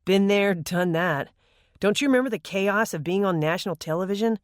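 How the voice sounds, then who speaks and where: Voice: medium pitch, brisk, no echo, clean studio sound, voice pushed up, natural voice. A narrator voicing a boastful, joking teenage boy in an audiobook. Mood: cocky. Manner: boastful, playful. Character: cocky teenage boy, brash joker.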